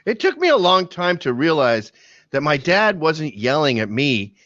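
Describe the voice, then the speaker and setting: As a podcast guest, a middle-aged man swaps casual stories at normal speed, his voice a little high and his accent mildly Canadian from a Canadian upbringing after being born in England. He gets animated and shouts the quoted lines. There's no room sound, just a dry, slightly dull mic.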